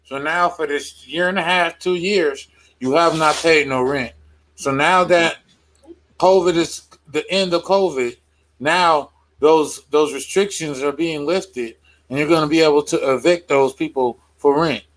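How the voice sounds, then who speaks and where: Man calmly explaining step by step. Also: a little high, a little slow, rough recording. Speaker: podcast co-host. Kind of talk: casual chat.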